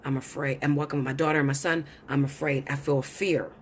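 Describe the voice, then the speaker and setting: Blunt low-voiced woman telling a story. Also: steady tone, brisk, a little hiss or hum. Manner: blunt, profane and insistent. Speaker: tarot reader. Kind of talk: storytelling monologue.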